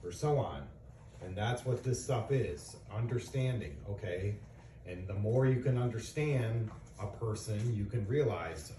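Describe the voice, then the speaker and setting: A man's voice: fairly low pitch, animated, measured pace, mellow, a little hiss or hum. A middle-aged man, a father, earnestly explaining things to his young children in a casual talk, asking them questions and giving examples. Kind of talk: casual lecture to kids. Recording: echoey room, voice from a distance.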